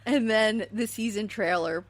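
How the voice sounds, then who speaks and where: A woman's voice: mid-range voice, unhurried, no echo. A woman hosting a podcast and recapping a reality show in casual, chatty talk, with plenty of fillers and light laughs. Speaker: podcast host.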